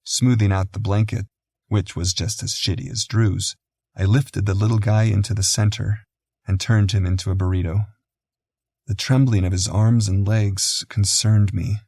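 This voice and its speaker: Low gravelly male audiobook narrator. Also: level tone, normal speed, mellow, dry recording. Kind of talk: first-person audiobook narration.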